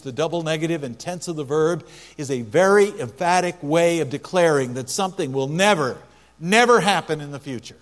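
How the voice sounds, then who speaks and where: A man preaching a Sunday sermon in a church, his voice pitched a little high and landing firmly on each repeated phrase. The sound rings with long hall reverb, and a faint electrical hum runs underneath. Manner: emphatic, repeats key phrases for stress. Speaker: pastor.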